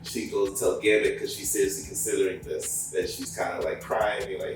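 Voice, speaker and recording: A man co-hosting a podcast review in casual chat, retelling scenes animatedly and jumping up in pitch and volume to act out the characters. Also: little pitch movement, a little fast. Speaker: podcast co-host reviewing a cartoon series. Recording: echoey room, distant mic, faint music.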